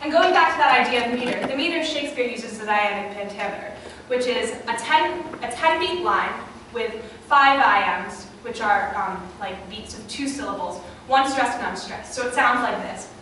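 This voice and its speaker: A young woman presenting a workshop to a live audience, chatty and lively, with fillers and asides to the listeners. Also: a little high, normal speed, slight background noise. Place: classroom or small auditorium with an audience. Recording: echoey room, far from the mic.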